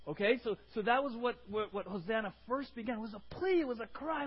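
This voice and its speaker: A man preaching to his congregation in an animated way, often checking in with "right?" and bursting into acted shouts. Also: very high voice, fast, hardly any pauses, breathy edge. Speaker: pastor. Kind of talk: sermon. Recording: muffled lo-fi sermon recording.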